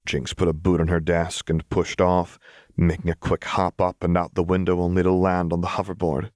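A man reading a fan-fiction story aloud as narrator, with steady storytelling. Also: low voice, normal speed, dry recording, clean studio sound. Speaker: audiobook narrator. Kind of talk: scripted narration.

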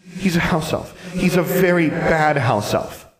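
A man reading an audiobook, voicing a spoiled, smug little ghost girl in a high, petulant childish tone. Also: animated, unhurried, roomy sound, a crowd in the background. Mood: spiteful.

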